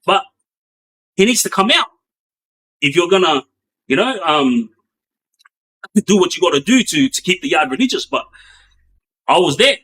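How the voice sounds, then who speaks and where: A man's voice: high-pitched, very animated, normal speed, pauses often, fairly bright tone, poor audio. A man telling prison stories casually, rambling with many fillers and restarts and acting out what others said. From Australia. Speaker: former inmate telling stories. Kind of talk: casual storytelling.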